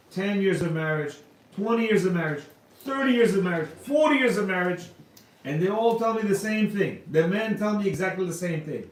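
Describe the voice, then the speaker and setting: A man's voice: sits high, darkish tone, slight background noise. A man giving an informal Torah class to a room of men. He talks in a chatty way, asks rhetorical questions and acts out quoted speech. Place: hall with a live audience. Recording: roomy echo, distant mic.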